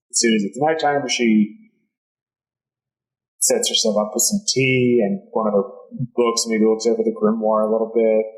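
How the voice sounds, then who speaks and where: A man running a tabletop game as game master, narrating in a halting way with many pauses. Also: medium pitch, poor audio. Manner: halting, lots of ums and uhs.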